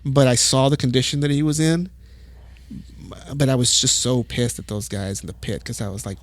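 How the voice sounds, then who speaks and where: A middle-aged man from El Paso, a music photographer, telling stories as a podcast guest in a casual, profane, animated way. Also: mid-range voice, normal speed, dry recording. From El Paso, Texas. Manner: profane, animated storytelling with acted quotes. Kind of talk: casual storytelling.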